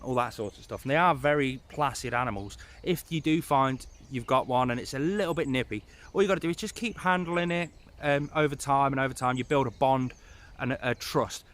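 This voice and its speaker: Standing out in the rain, a man with a medium, somewhat bright voice talks to camera about caring for pet snakes. It's casual and rambling, with chatty side comments, and every so often he loses his place.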